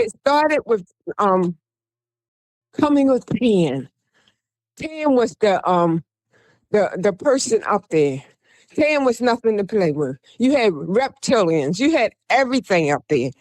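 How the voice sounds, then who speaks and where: Woman talk-radio host, fairly high and very lively voice, rambling storyteller who exhorts listeners, dry close sound. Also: dry recording. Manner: exhorting listeners, repeating "come on, people"; rambling with restarts, acting out quoted voices. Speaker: radio show host and self-styled prophetess. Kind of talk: animated first-person storytelling on radio.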